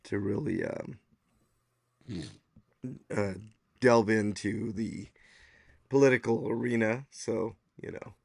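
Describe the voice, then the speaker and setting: A man with a low, gravelly voice hosts a casual podcast stream, audibly hoarse as if his voice is going. He rambles loosely, leaning on fillers. The sound is dry and close, with no room around it. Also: takes it slowly, long pauses, a little mellow, dry recording. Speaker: podcast host. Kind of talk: casual livestream chat.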